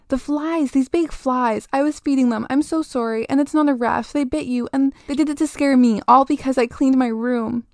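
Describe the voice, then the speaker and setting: A woman voicing a frantic young girl who pleads in a high, loud voice while reading a story. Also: flat delivery, a little slow, few pauses, smooth, no echo, clean studio sound, close to an everyday voice. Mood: pleading.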